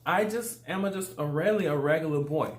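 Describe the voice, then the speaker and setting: A man's voice: a little high, fairly quick, reverberant. A man from Louisiana with a Southern accent, hosting his life coaching channel in an upbeat, casual motivational talk that uses a lot of repetition. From Louisiana, USA.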